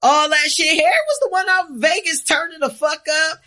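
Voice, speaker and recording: A woman's voice: high voice, a little fast, sharp tone. A woman co-hosting a podcast in casual, profane chat, blunt and rambling. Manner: blunt, rambling, swears freely. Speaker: podcast co-host.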